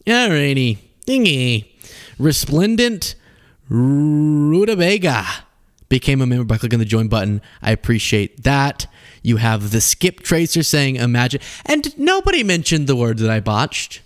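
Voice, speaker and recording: Young male host, casual and jokey, very lively pitch, breaks into laughter and goofy voices. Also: normal speed. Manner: animated, laughs often, slips into mock voices. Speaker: host of a political commentary live stream. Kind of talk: casual, joking live-stream talk.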